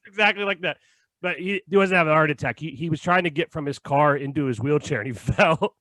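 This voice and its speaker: A man's voice: fairly high pitch, a little fast, a bit bright, no echo. A young man co-hosting a podcast, telling stories in casual chat, laughing often and acting out what people said. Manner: storytelling, laughs often, acts out quotes. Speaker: podcast co-host.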